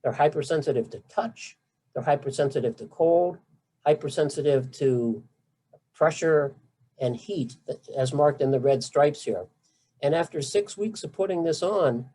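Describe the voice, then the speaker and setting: A man's voice: on the high side, dark tone, poor audio. A middle-aged man, a physician, giving a conversational, emphatic talk on treatment to patients, with asides. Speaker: physician lecturer.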